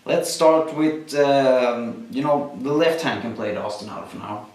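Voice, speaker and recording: A male drum teacher talks through his exercises slowly, pausing on fillers as he explains. His voice sits at an ordinary pitch and rings around a very echoey room, picked up from some distance. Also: a little mellow. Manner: slow, explanatory, with frequent fillers. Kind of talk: instructional drum lesson. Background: drums played between explanations.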